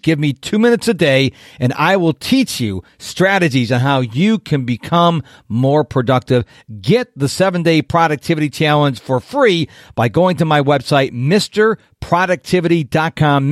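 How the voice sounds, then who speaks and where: A man's voice: a little high, dry recording, studio quality. An enthusiastic man hosting a podcast interview, talking up his show and his guest. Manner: enthusiastic, self-promoting. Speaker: podcast host.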